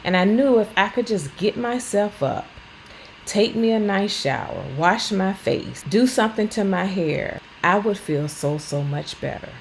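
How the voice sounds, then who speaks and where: A woman's voice: medium pitch, expressive, unhurried, slight background noise, rough recording. A woman in her fifties, a vlogger talking at home while she cleans, earnest and blunt in a plainspoken way. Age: 50s. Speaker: lifestyle vlogger. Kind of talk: casual talk while cleaning.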